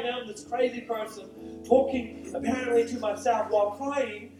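A male pastor preaching a sermon, telling a personal story in an animated, emphatic way. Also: very high voice, moderate pace. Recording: echoey, distant live church recording with music.

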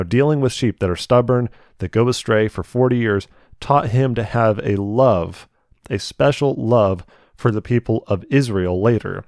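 A young man giving a conversational Bible teaching, retelling scripture stories in a lively, chatty way. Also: medium pitch, no echo, studio quality. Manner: conversational, animated retelling with voiced asides. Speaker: preacher.

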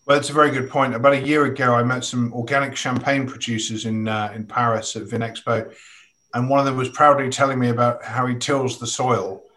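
A man's voice: medium pitch, little pitch movement, brisk, sharp tone. A man interviewing a guest, asking long, thoughtful questions and telling anecdotes in a conversational way.

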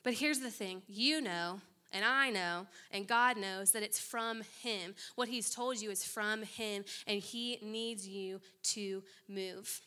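A woman's voice: mid-range voice, slow pace, few pauses, pushed and bright, smooth. A young adult woman giving a conversational youth sermon, direct and urgent, with playful asides and mock-voiced quotes. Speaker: guest speaker. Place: room full of young people.

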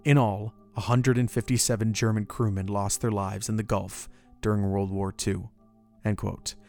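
A man's voice: fairly low pitch, little pitch movement, normal speed, creaky, darkish tone, faint music behind. Man narrating history casually. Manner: conversational, with asides and joking tangents.

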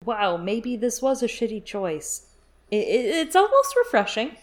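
A woman's voice: on the high side, big pitch swings. A woman co-hosting a podcast, chatting casually and jokingly about a book series. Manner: chatty, jokey, puts on quick voices. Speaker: podcast co-host.

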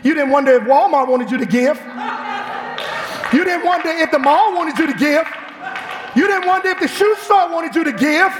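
A man preaching a fiery sermon in a church, with an animated, shouting delivery. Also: very high voice, normal speed, long pauses, background noise. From Chicago. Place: church sanctuary. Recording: echoey church hall.

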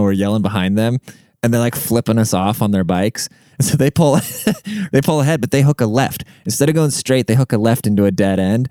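A man's voice: medium pitch, darkish tone, no echo, clean studio sound. A young man who grew up in Germany, casually telling a rambling, profane childhood story and laughing often. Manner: rambling, profane, laughs through his stories.

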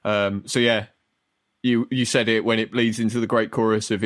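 A man hosts a casual music podcast in a lowish voice. He is animated and sweary and tells stories with energy. The sound is dry and close. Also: normal speed, no echo. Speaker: podcast host. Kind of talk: casual chat.

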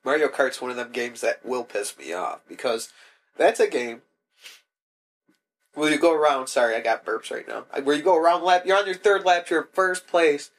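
A man's voice: on the high side, animated, moderate pace. A young man co-hosting a casual chat, laid-back and profane as he complains about games. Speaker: podcast co-host.

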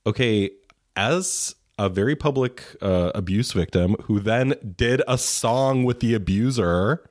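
A man's voice: lowish voice, a little slow, no room sound, studio quality. A man co-hosting a casual chat, snarky and ranting, swearing freely. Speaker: podcast co-host.

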